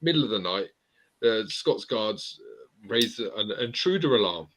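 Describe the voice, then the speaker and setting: A man in his forties hosting a casual live chat, an animated storyteller who laughs at his own tales. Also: on the low side, unhurried, slight background noise. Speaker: host.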